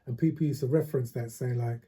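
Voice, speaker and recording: Older London MC, dark and husky, storytelling in a casual interview. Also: male voice, mid-range voice, fast talker. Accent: London, mixing Cockney and patois. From England. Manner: animated storyteller, slips into chanted lyrics and quoted voices. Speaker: interviewee, reggae MC.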